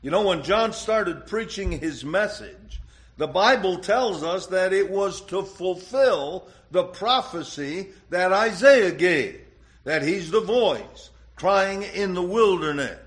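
Slow, deliberate preaching man. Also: lively intonation. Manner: slow, deliberate preaching with dramatic rises and drops in pitch and loudness. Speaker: pastor. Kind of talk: sermon.

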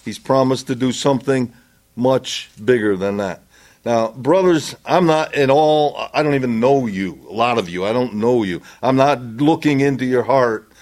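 A man preaching a sermon, deliberate and earnest, building to impassioned pleading. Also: mid-range voice, darkish tone.

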